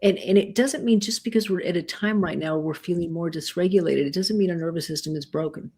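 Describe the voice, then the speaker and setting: Woman co-host, husky tone, earnest explainer who acts out quotes. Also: lowish voice, fairly quick, warm tone. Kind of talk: casual conversation about emotions.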